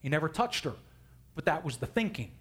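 Man, preacher, sermon, somewhat high voice, conversational storytelling, acts out the characters. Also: big pitch swings, brisk, a bit bright. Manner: storytelling, acts out biblical characters in casual modern speech.

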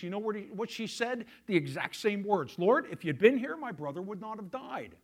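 High-voiced preaching pastor. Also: male voice. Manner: storytelling preacher, swings from loud emphasis to hushed quiet. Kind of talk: sermon.

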